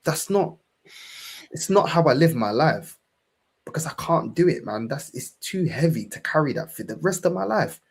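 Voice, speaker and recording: A man's voice: on the high side, very animated, moderate pace, breathy edge. A young man with a London accent, hosting a fan channel and talking with fiery, swearing passion, calling everyone "bro". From England. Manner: impassioned, swearing, repeats "bro". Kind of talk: casual podcast chat.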